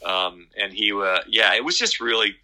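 A middle-aged man talking in a casual interview, rambling and halting with many fillers and restarts. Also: on the low side, pushed and bright, low-quality recording. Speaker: guest musician.

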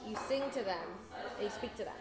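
A woman's voice: mid-range voice, lively intonation, fast talker, over a noisy crowd. An American woman chatting casually, patiently explaining English words and laughing easily. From United States. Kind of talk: casual conversation. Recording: roomy echo.

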